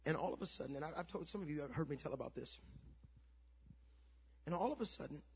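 A middle-aged man pastor preaching a sermon, telling a story that builds to shouted preaching. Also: on the high side, expressive, fast, gravelly, husky. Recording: dull lo-fi sound.

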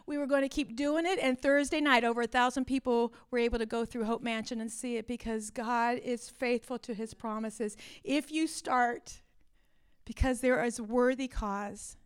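A woman in her fifties, a pastor giving an animated conference talk, telling stories and acting out exchanges with rising intensity. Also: on the high side, clear, resonant tone. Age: 50s. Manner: animated storytelling, rising to near-shouting in acted exchanges.

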